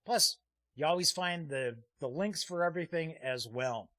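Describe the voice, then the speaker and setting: A man's voice: on the high side, moderate pace, pushed and bright, no room sound. A man hosting a live-streamed tabletop gaming show, chatting casually and rambling with frequent "uh" fillers as he reads viewer comments aloud. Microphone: streaming desk mic.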